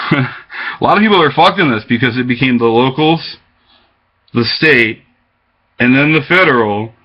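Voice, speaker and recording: A man's voice: mid-range voice, expressive, a little slow. A man giving an agitated, rambling monologue to his webcam, jumping from topic to topic. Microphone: webcam microphone. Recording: dull lo-fi webcam audio.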